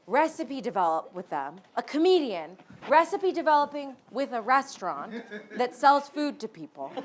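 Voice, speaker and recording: High, lively woman hosting a live show. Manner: swears freely, laughs often, gushing. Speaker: host of a live comedy show. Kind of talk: excited stage banter. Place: theater stage before a live audience. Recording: live theater with crowd and noise. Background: audience reactions.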